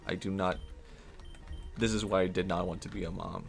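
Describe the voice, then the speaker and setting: A man's voice: low-pitched, steady tone, normal speed, creaky, soft background music. A man voicing a weary mother bird in an improvised story, sounding exasperated.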